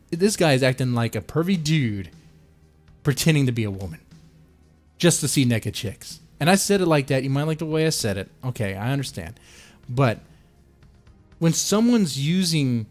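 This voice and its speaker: A man in casual live-stream commentary, talking loosely and sarcastically. He stumbles, restarts and corrects himself as he goes. His voice sits at an ordinary middle pitch, with faint music playing behind him. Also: a little mellow. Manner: rambling, sarcastic, often restarting mid-sentence.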